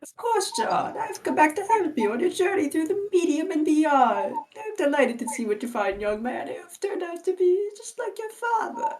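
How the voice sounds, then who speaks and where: A woman's voice: very high-pitched, sing-song, moderate pace, darkish tone, a little hiss or hum, poor audio. A woman voicing a mischievous, cryptic old grandmother ghost, with a doddering and affectionate manner. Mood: doting. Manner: doddering and affectionate, calls people dear. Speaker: reader in a group readthrough. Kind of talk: live unscripted fan script reading.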